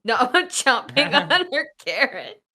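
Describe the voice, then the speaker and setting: A playful woman at a tabletop game describes her character's antics and keeps giggling. Her voice is bright and high-leaning, with a wide, bouncing pitch and an unhurried pace. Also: big pitch swings. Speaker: player. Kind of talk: tabletop role-play narration.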